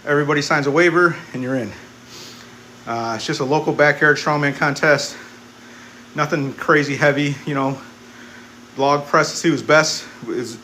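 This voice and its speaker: A man's voice: medium pitch, sharp tone, a little hiss or hum. A man vlogging casually at the gym, blunt and joking as he talks between heavy squat sets. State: out of breath. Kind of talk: casual gym vlog talk.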